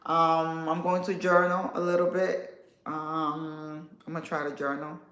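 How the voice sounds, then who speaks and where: A woman in her thirties hosting a casual livestream, chatting warmly and answering viewer comments. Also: low voice, little pitch movement, unhurried. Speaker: livestream host. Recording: echoey room.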